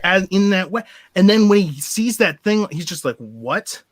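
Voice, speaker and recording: An excitable man on a fan discussion show, talking fast and laughing as he acts out lines. His voice sits a little high for a man. The sound is close and dry, with no room around it. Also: no room sound. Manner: excitable, laughs often, acts out movie quotes. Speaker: podcast host. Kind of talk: casual movie discussion.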